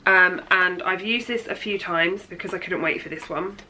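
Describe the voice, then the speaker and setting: A woman's voice: fairly low pitch, moderate pace, pushed and bright, slight background noise, low-quality recording. A thirty-year-old woman with a chatty, gushing manner, showing birthday gifts in a casual vlog. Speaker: beauty vlogger. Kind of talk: casual haul chat.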